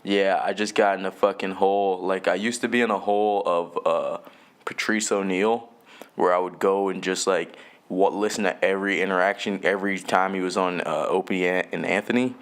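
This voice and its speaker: A man's voice: deep voice, steady tone, moderate pace, fairly bright tone. A young man from Jamaica hosting a solo podcast. He rambles loosely and swears a lot, laughs often and trails off mid-thought. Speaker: podcast host.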